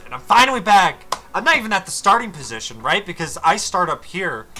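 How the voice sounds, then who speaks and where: A young gaming commentator with a high, sharp voice walks through a match over his strategy game footage. His commentary is casual and exasperated, and he swears freely.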